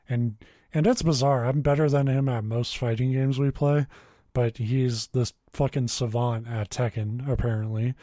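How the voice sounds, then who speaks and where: A man of middle pitch talks into a dry, close microphone with no room sound. He jokes, curses freely and laughs between remarks, then reads a creepy story in the same plain voice. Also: warm tone, no room sound. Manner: swears freely, laughs often, reads quoted dialogue plainly. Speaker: podcast co-host reading a horror story. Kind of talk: casual chat and story reading.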